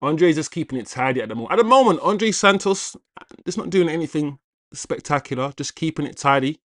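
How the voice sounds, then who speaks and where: Excitable man hosting a watchalong. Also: a little high, a little fast, no echo, studio quality. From Jamaican heritage. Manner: excitable, shouts out viewers, reacts to play. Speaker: football watchalong host. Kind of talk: live match commentary and chat.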